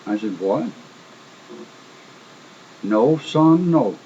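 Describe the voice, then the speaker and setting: A man's voice: medium pitch, lively intonation, drawn-out words, dark tone. A man telling a testimony in an emphatic, folksy sermon style, often repeating words. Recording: dull lo-fi recording with faint noise.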